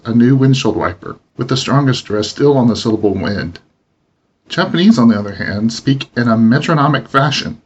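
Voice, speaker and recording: Male teacher voice, mid pitch, steady explanatory read, slightly muffled audio. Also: husky. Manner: measured explanatory reading. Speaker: language teacher. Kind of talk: instructional narration. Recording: dull lo-fi voice recording.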